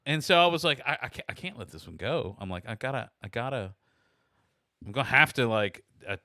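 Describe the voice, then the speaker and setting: A middle-aged man tells a rambling story on a podcast, throwing his voice up high whenever he quotes someone. His tone is bright and forceful. The sound is dry and close. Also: brisk, no room sound. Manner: animated, acts out quoted people with rising pitch. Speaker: podcast host. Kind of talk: casual storytelling chat.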